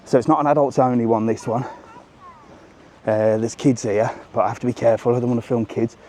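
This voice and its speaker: A man's voice: medium pitch, brisk, slight background noise. Chatty man on a walking tour. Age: middle-aged. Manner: chatty, animated, keeps saying "look". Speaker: travel vlogger. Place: outdoors around a hotel resort.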